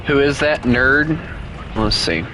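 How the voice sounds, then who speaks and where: A man's voice: medium pitch, expressive. A man streaming a game and chatting casually with viewers, playful and teasing. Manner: playful, teasing, slow and rambling. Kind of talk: casual gaming chat with viewers. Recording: loud game noise and vehicle sounds behind.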